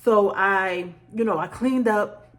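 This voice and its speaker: A middle-aged woman telling her own story to camera in a chatty, animated way, full of fillers and acted-out quotes. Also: mid-range voice, slow pace. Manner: chatty and animated, acts out quoted lines with laughter; conversational, frequent fillers like "like" and "child". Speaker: beauty vlogger.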